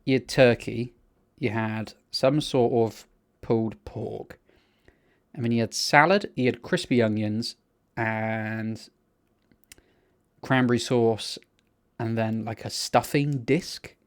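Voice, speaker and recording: Male co-host, mid pitch, rambling sweary storyteller in casual chat. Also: fairly even intonation, slow pace, long pauses. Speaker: podcast co-host.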